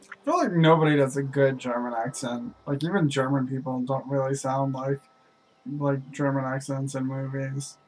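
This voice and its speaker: A man's voice: medium pitch, steady tone, normal speed, darkish tone, slight background noise, rough recording. A man casually chatting and explaining strategy while playing a co-op strategy game, rambling with lots of "like" fillers. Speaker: co-op game player. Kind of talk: casual chat while gaming.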